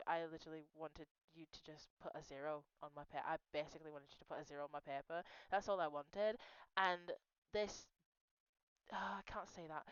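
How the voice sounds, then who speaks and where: A tearful young woman vents to the camera in a rambling, unscripted way, swearing and breaking off her sentences. Her voice is smooth and clear, recorded close and dry with a slightly dull, lo-fi sound. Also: mid-range voice, no echo. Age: young adult. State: crying. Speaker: vlogger. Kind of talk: emotional personal vent.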